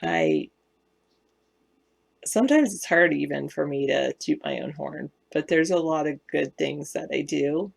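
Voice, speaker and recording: A woman with a Southern Californian accent chats on a live stream and answers viewers' comments. Her voice is low and carries a gravelly fry. She talks unhurriedly, rambling and correcting herself as she goes. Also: sing-song, measured pace. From West Virginia, US South. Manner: rambling, self-correcting, chatty.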